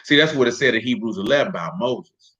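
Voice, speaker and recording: A man preaching a sermon, teaching scripture in an animated, emphatic, conversational way. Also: mid-range voice, quick pace. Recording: dull lo-fi recording.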